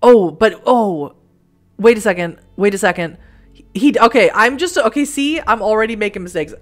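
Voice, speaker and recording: A woman's voice: medium pitch, lively intonation, brisk. A young woman hosting a let's play, reading a story game aloud with giggly, self-mocking asides.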